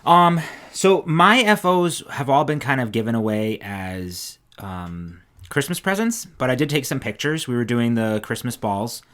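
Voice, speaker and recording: A man co-hosting a knitting podcast in easygoing conversation. He talks at a middling pitch, with loose, rambling phrasing that often trails off before picking back up. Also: measured pace. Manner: relaxed, chatty, trails off and restarts. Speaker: podcast co-host. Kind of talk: casual chat.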